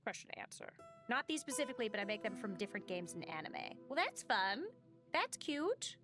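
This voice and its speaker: Over music, a woman streams a game live, chatting casually and reading the game's text aloud while swearing and joking about herself. Her mid-range voice is sing-song and brisk.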